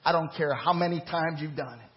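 A man's voice: on the high side, brisk. A man preaching a sermon as the pastor, rising in emphasis and acting out quoted voices. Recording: muffled lo-fi church recording.

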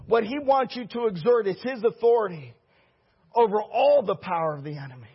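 A middle-aged man, a pastor, preaching a sermon with a husky voice, calling for the congregation's response and building to shouts. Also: high-pitched, lively intonation, fairly quick, dull audio.

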